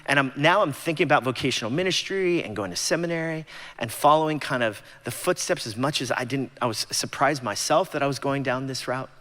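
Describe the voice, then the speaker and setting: A man's voice: medium pitch, brisk, fairly bright tone. A man in his forties from Los Angeles giving a personal testimony talk at a church gathering, conversational and self-deprecating. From Los Angeles, USA. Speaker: guest speaker at church gathering. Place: large church sanctuary. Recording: long church-hall reverb.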